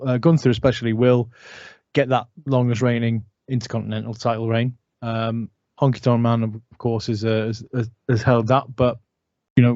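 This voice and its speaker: A man with a mid-pitched voice chats about wrestling, full of ums and restarts. His voice sounds dry and close, with no room around it. The recording is dull and lo-fi. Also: warm tone, dry recording. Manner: chatty, filler-heavy. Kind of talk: casual wrestling prediction chat.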